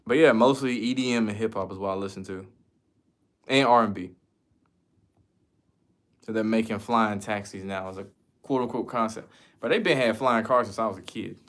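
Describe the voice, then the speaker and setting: A man's voice: on the low side, normal speed, pauses often. A man from the United States chatting casually as a streamer, answering viewer questions in a loose, slangy, profane way. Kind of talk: casual chat.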